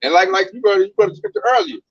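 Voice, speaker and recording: A man's voice: high-pitched, lively intonation, racing, muffled recording, a little hiss or hum. A man talking casually about religion in a preachy, emphatic way, full of slang.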